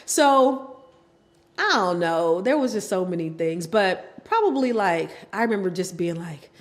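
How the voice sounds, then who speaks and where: A woman's voice: fairly low pitch, a little slow. A middle-aged woman telling her own story as a guest, acting out what her family members said. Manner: animated, acts out family members' lines in voices. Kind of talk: candid personal storytelling.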